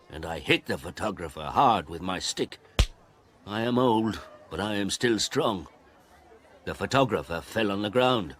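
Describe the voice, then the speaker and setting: Low-voiced man reading a story slowly. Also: expressive, a bit bright. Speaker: narrator. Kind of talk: storybook narration for English learners.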